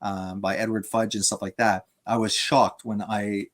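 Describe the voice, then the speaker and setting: A man in a conversational debate on theology, speaking haltingly with frequent fillers and restarts. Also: fairly low pitch, flat delivery.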